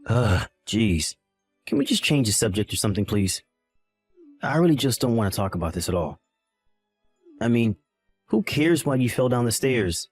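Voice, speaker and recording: A man's voice: medium pitch, lively intonation, moderate pace, long pauses, no room sound, soft background music. A man voicing a callous young husband in a text-message drama, talking in a dismissive, impatient way.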